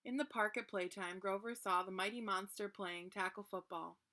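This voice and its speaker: A woman reading a children's picture book aloud with expressive narration. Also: mid-range voice, moderate pace. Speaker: reader. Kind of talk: children's storybook read-aloud.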